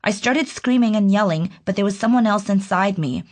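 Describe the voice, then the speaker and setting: A woman narrating her own audiobook in an earnest, reflective, measured way. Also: mid-range voice. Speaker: author reading her own book.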